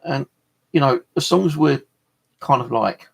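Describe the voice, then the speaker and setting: A man's voice: mid-range voice, normal speed. A man telling a rambling, casual story on his vlog, swearing freely and retelling conversations. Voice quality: gravelly, husky. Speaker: vlogger.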